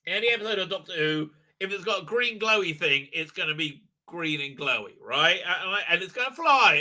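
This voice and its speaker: Male host, sharp bright tone, sarcastic rambling reviewer. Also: sits high, animated, brisk, hardly any pauses. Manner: sarcastic, exasperated, rambling with many fillers.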